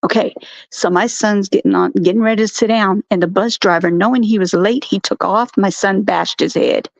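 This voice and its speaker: A woman co-hosting a casual live stream chat, telling stories in an animated way. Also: medium pitch, moderate pace, no echo. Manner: animated storyteller, acts out quotes. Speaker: co-host. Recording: dull, dry lo-fi stream audio.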